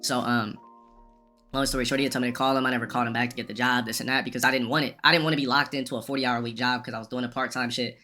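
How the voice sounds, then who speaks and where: Fast-talking, profane male streamer. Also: medium pitch, steady tone, pushed and bright, faint music behind. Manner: rambling, profane, restarts often. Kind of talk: casual storytelling rant.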